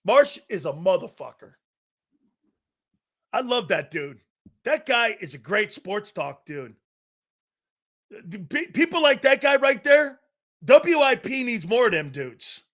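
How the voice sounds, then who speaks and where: A man's voice: very high voice, fairly bright tone. Brash, profane sports talk man. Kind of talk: casual ranting livestream talk.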